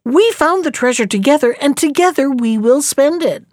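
A woman's voice: high-pitched, moderate pace, no room sound, studio quality, pitched above the performer's own voice. A woman voicing a foolish, impatient old peasant wife who scolds her husband. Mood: scolding. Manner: sharp, scolding, easily excited.

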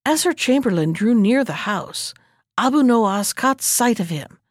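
Woman storyteller host, measured fairy tale reading, fairly high voice. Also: expressive, no echo, clean studio sound. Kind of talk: fairy tale read aloud.

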